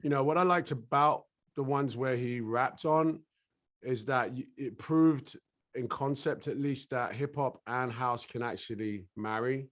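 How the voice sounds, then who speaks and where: A man's voice: medium pitch, a little slow. A middle-aged man with a British accent, chatting casually as an interview guest and laughing easily. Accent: British English. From England. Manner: relaxed, laughs easily, slips into voices. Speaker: actor guest.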